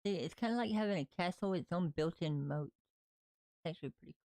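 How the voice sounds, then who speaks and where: A live-stream gamer with a softened Southern accent talks casually over the game, thinking out loud as they build. The pitch sits in a middling range, and the delivery stays relaxed and rambling. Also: quick pace, no room sound. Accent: light Southern US. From Southern United States. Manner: chatty, thinks aloud while building.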